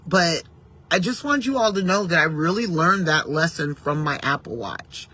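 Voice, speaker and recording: A woman's voice: on the low side, animated, normal speed, slightly rough. A woman giving a casual, reflective morning pep talk to her viewers, speaking conversationally and mentioning her faith now and then. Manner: warm, reflective, conversational, with gentle faith references. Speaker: vlogger giving morning encouragement.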